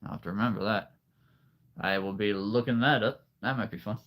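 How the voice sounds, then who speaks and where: Fairly low in pitch and a touch bright, this man talks fairly quickly while running a casual livestream. He collects figures, and he's a little breathless as he wanders through chat comments with plenty of chuckles and puns.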